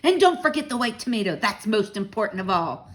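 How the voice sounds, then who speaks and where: A woman's voice: mid-range voice, sing-song, fairly quick, close to an everyday voice. A woman voicing a sly, know-it-all male house cat who talks in a bossy, impatient way. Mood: scheming.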